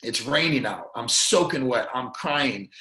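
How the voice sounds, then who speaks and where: A man's voice: mid-range voice, animated, measured pace, sharp tone. An earnest man tells a painful personal story as a podcast guest, stumbling through restarts and repeated words. His voice catches with emotion now and then. The sound has a roomy echo around it. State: choked up at moments.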